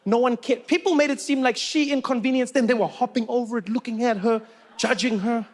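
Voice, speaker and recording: A man with a South African accent performing a stand-up comedy set, telling animated stories with lots of repetition. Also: very high-pitched, fairly quick.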